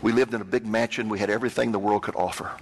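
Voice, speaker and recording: A man voicing a gentle, courteous refugee man who speaks softly and haltingly. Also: lowish voice, fairly even intonation, slight background noise, pitched below the performer's own voice, natural voice. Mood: somber. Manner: soft and courteous, with halting restarts. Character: gentle, polite, soft-spoken refugee man.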